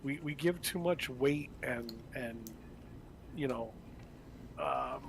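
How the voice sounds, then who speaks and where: A livestream host rants bluntly and profanely in casual chat, rambling and restarting his sentences. His mid-range voice swoops wildly in pitch and moves slowly, with game music behind him and a bit of hiss or hum.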